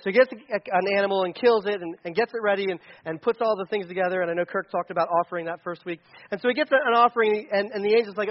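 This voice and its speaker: A man preaching a casual sermon, retelling a story with lively acted-out lines and jokes. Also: high voice, quick pace, lo-fi sound. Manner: animated, acts out characters' lines with jokes and laughs.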